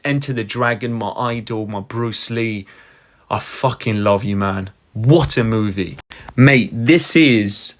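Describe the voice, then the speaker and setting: A brash young man counts down his favourite films in a loud, swearing vlog rant and makes comic threats at the viewer. His voice sits at a middle pitch and he talks slowly, dragging out his words for effect. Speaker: vlogger. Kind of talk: energetic movie countdown rant.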